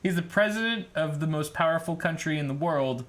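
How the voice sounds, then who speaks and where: A man's voice: fairly high pitch, fairly quick, a bit bright. A man in his thirties co-hosting a casual livestream chat, playful and jokey as he reads out donations. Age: 30s. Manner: playful, jokey, trails off and restarts. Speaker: co-host.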